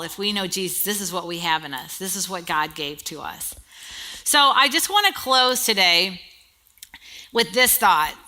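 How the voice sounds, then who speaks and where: Bright-voiced woman preaching a sermon. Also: fairly high pitch. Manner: conversational preaching with rhetorical questions and humor.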